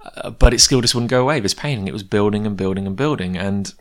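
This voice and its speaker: A man's voice: on the low side, fast talker. A man who makes comic books, telling a rambling personal story in a casual, self-deprecating way and going off on tangents. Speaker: comic book creator.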